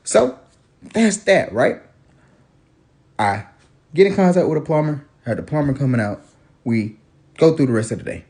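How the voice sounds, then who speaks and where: Animated man telling a funny story. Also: moderate pace, long pauses. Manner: animated, drops into low mumbles for asides. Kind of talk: casual comedic storytelling.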